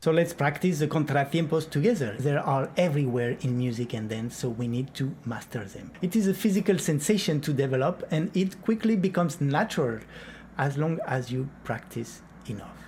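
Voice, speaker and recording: A man explaining flamenco clapping in a patient tutorial, counting and chanting the beats as he goes. His voice sits a little high for a man. A clear hiss of noise runs under the recording. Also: animated, normal speed, a little mellow. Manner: counts beats aloud and sings syllables. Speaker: flamenco rhythm teacher.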